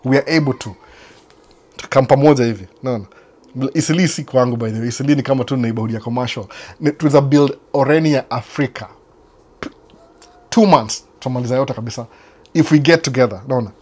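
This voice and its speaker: A Kenyan man with a Kenyan accent talks quickly in a relaxed host chat with viewers, sliding back and forth between Swahili and English. He repeats his phrases for emphasis and acts out other people's voices. His voice sits at an ordinary pitch for a man. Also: husky. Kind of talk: casual live chat answering viewers. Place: United States.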